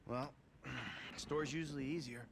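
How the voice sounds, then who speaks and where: A weary, sardonic ex-robber. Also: male voice, medium pitch, takes it slowly, vocal fry. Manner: sarcastic and blunt. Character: weary sardonic middle-aged male ex-robber. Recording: game audio with steady noise.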